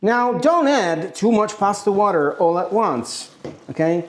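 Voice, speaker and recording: A man's voice: high-pitched, animated, measured pace. A man from Italy, cooking on camera in a playful, exclamatory way. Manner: playful, exclamatory, self-mocking. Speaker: home cook. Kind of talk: cooking demonstration.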